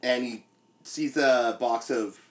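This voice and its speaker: A man, likely in his thirties, talks easily on a podcast, passing on behind-the-scenes details. His pitch sits in the middle. His way of talking is relaxed and conversational. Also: slow. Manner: chatty, explains film trivia, swears. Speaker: podcast co-host. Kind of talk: casual chat.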